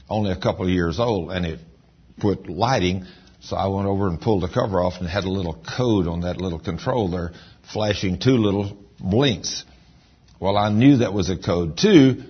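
Male pastor, down-home sermon storyteller; husky, slightly low voice on a dull recording. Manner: folksy storytelling, rises in emphasis.

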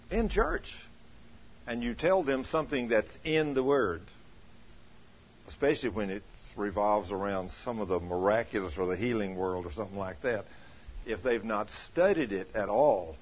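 Husky folksy preacher man. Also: fairly low pitch, moderate pace, highs cut off. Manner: animated, acts out quoted voices, shouts in anecdotes. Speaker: pastor. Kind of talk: folksy sermon with storytelling.

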